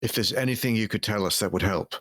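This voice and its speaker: A man playing a calm, deep-voiced paladin. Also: quick pace, no room sound, clean studio sound.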